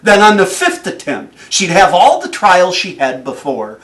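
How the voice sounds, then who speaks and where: A man giving a motivational speech, telling stories in an animated way and chuckling often. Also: high-pitched, unhurried, distant mic. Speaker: motivational speaker.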